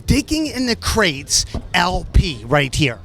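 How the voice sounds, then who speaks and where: A man interviewing a guest with an excitable, wildly swooping voice, in a music club. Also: high-pitched, slow pace, gravelly. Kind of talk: energetic interview. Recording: faint music behind in a club.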